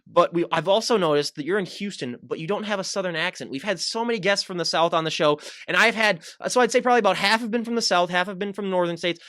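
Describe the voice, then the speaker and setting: Fast-talking chatty male podcast host. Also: sits high, bright, forceful tone, no room sound, studio quality. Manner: rambling, chatty, many fillers and restarts. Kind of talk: casual interview chat.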